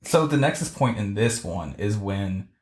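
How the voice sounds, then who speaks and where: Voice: low voice, expressive, moderate pace, a little mellow. A podcast co-host in casual chat, laid-back and blunt, laughing often while recapping an episode. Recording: roomy echo.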